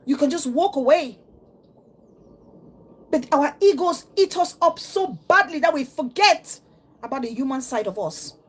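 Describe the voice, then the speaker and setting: A middle-aged woman vlogger giving an earnest, emotional and preachy monologue to her viewers. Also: high voice. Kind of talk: heartfelt vlog monologue.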